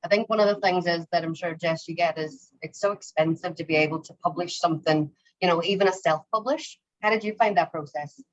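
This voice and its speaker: A woman with a Derry accent from Northern Ireland, chatting quickly on a video call with an apologetic, filler-heavy manner. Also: on the low side. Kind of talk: casual video call chat. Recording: muffled video call audio.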